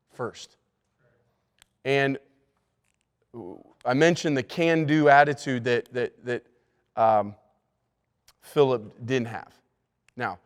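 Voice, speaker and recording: A man's voice: mid-range voice, clean tone. A male pastor giving a leadership lesson to church staff. He talks emphatically, repeats key words and often restarts his sentences. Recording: long hall reverb.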